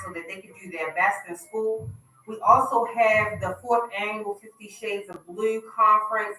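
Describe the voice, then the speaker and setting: Bright-voiced woman radio host, roomy sound. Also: mid-range voice. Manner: upbeat, chatty announcing. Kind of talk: casual talk radio hosting. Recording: roomy, distant mic.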